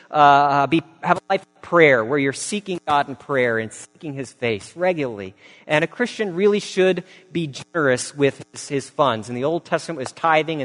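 A man's voice: a little high, fairly bright tone. A male pastor preaching a sermon in a conversational, storytelling way with touches of humor and casual fillers. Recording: long reverb of a large hall.

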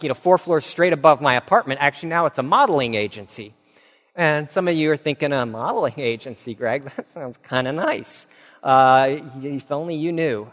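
A man's voice: fairly high pitch, a bit bright. A male pastor preaching a sermon in a conversational, storytelling way with touches of humor and casual fillers. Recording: long reverb of a large hall.

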